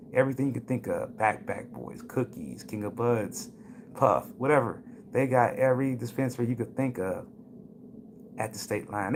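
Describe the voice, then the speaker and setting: A man's voice: medium pitch, gravelly, slight background noise. A man hosting a casual cannabis livestream. He tells stories and greets viewers by name in a chatty way. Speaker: livestream host. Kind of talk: casual live-stream talk.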